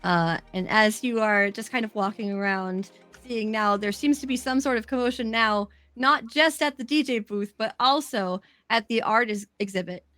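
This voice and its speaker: A woman narrating a tabletop role-playing game as game master, easygoing and quick to laugh. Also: on the high side, a bit bright, no room sound, soft background music. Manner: laughs often, casual and easygoing.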